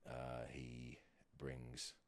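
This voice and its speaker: A man's voice: extremely low pitch, monotone, drawn-out words, no echo. An English rugby player in his thirties, chatting on a podcast in a rambling, hesitant way with lots of fillers and restarts. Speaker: guest, professional rugby player. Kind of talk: casual podcast chat.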